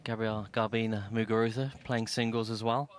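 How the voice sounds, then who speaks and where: Chatty ex-player pundit. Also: male voice, on the low side, fairly even intonation, normal speed, a little hiss or hum. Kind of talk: live sports broadcast chat.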